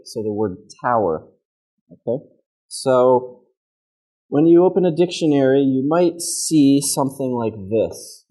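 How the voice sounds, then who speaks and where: A man's voice: mid-range voice, warm tone, husky, poor audio. A man with a Midwestern American accent teaching English pronunciation, modeling sounds and checking in with the class. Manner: patient, checks in with "okay?" constantly; demonstrates sounds by modeling words aloud. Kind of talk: classroom lesson.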